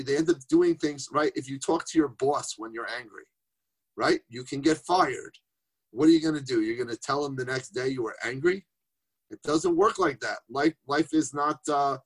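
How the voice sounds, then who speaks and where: A man's voice: fairly high pitch, husky. A man teaching Torah informally on a group phone call, conversational, asking rhetorical questions and mixing in Yiddish and Hebrew terms.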